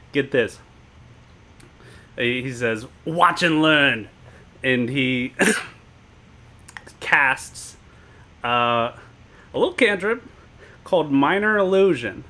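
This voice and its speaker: A man chatting casually as a player in a tabletop game, thinking aloud as he works through his turn. His voice is bright and forward, with a playful edge. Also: mid-range voice, expressive, slow, pauses often. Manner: playful, thinks aloud while planning moves. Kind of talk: casual chat.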